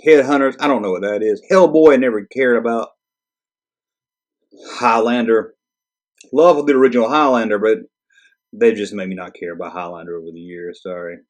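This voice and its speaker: A man's voice: medium pitch, expressive, moderate pace, pauses often. A man hosting his channel, reading through a list and reacting with exasperated, sarcastic commentary and frequent swearing. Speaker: channel host. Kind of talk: casual ranting commentary.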